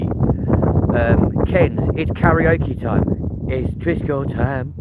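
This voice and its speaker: A man's voice: mid-range voice, very slow, phone-quality sound. A man with a Manchester accent hosting a casual live stream, joking and talking straight to his viewers. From England. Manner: chatty, jokey, addresses the chat directly. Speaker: livestream host. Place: in a car. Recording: clear background noise.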